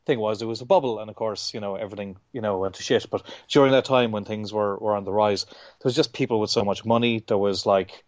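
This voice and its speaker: Irish guest in his thirties: relaxed, rambling, salty, dry close mic. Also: on the low side, fast, no echo, dull audio. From Ireland. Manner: rambling, self-interrupting, swears casually. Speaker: guest comic artist. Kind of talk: casual interview chat.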